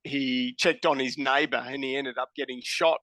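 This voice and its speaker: A man's voice: medium pitch, steady tone, moderate pace, pushed and bright, no echo. A man with an Australian accent, a podcast guest telling stories casually and bluntly, swearing freely. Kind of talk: casual storytelling.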